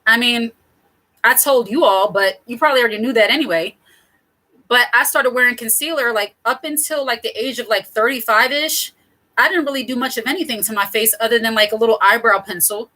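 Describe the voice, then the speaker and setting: A woman's voice: a little high, brisk, pushed and bright, poor audio. A middle-aged woman hosting her own channel, giving casual advice straight to camera in a chatty, digressive way with frequent laughs. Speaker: channel host.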